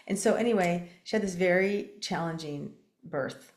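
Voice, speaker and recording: Older woman host, low-pitched, chatty and meandering; recorded in an echoey room. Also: moderate pace. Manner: rambling, many fillers and restarts. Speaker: podcast host. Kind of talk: casual interview chat.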